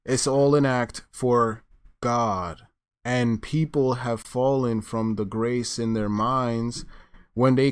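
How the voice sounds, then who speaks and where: A man's voice: mid-range voice, clear, resonant tone, no echo. A man reacting to a clip in loose, slangy, rambling commentary. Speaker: reaction host. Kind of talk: casual commentary.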